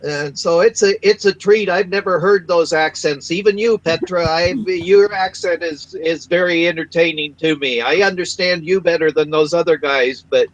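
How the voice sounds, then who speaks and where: A man from the Pacific coast of the United States talks in a casual voice chat, his voice pitched high for a man. He speaks haltingly, repeating words and leaning on fillers as he goes. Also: lo-fi sound.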